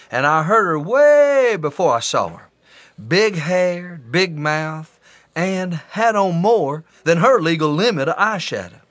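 A man telling a comic story in a folksy, drawn-out descriptive way. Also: a little high, fairly bright tone, no room sound.

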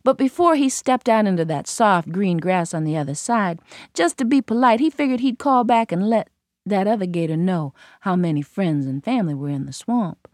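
A woman telling a folktale in a lively, rhythmic way with playful sound words. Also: medium pitch, moderate pace, no room sound, studio quality. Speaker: storyteller. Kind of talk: folktale storytelling.

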